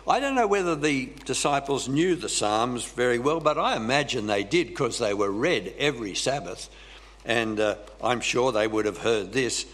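A male preacher delivers a sermon at a slow, unhurried pace. He leans on dramatic pauses and often clears his throat. His pitch sits in an ordinary middle range for a man. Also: animated, fairly bright tone.

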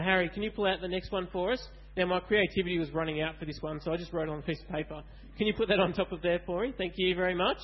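A man gives a lively children's Bible talk in church and keeps asking the kids questions. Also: high voice, highs cut off. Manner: animated, asks kids questions.

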